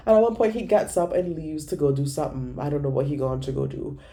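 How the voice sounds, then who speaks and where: A young woman vlogger telling a casual storytime, animated, gossipy and full of swearing. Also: low voice, fast talker, slight background noise.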